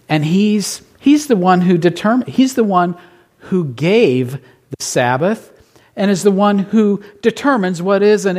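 Male pastor, sermon, slow deliberate delivery, rather high voice, rhetorical questions, playful asides. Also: a little mellow.

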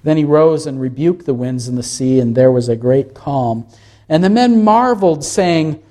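A man's voice: a little high, animated, moderate pace, mellow. Preaching man asking the congregation questions. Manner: asks the congregation questions, reads scripture aloud. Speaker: pastor. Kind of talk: sermon.

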